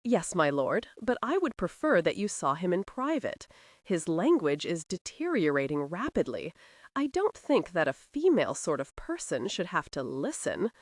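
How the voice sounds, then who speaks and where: A woman's voice: on the low side, sing-song, moderate pace, dry recording, studio quality. A woman voicing a fussy, very old male housekeeper who speaks in a prim, reproachful, formal way in an audiobook.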